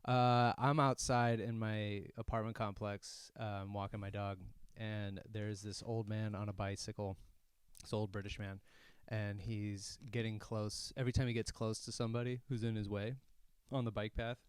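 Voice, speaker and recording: A man co-hosting a comedy podcast, telling stories in a casual, animated way and shouting out bits of them. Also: lowish voice, normal speed, smooth, no echo, studio quality. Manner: animated, shouts when acting out a story.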